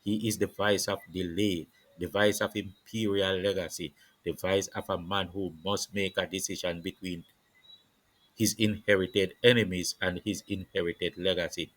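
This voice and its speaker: A man's voice: low voice, steady tone, moderate pace, no echo, rough recording. A man delivering an impassioned political monologue with a preaching, declamatory cadence and repeated phrases. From Jamaica. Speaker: political commentator.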